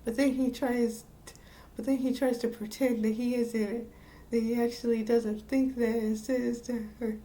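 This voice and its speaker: High-voiced woman rambling through an anime recap. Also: little pitch movement, moderate pace, dark tone. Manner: rambling with frequent restarts and laughs. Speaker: anime reviewer. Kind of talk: casual episode recap.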